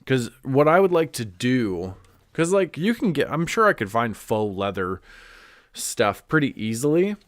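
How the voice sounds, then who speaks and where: A man's voice: medium pitch, big pitch swings, a little slow, no room sound, clean studio sound. A man chatting casually on a live stream, congested and rambling with lots of "like" and restarts. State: stuffed up, congested.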